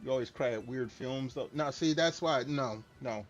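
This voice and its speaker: A middle-aged man with a mid-range voice chats casually at a normal speed while streaming a game, rambling in a candid, self-deprecating way. His stream mic sounds slightly dull and lo-fi, with faint music behind him.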